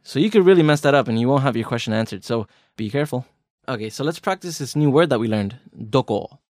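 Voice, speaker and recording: A man's voice: medium pitch, animated, fast talker, darkish tone, dry recording, clean studio sound. A man hosting a language lesson podcast, teasing his co-host and stretching words for emphasis. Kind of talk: playful language lesson banter.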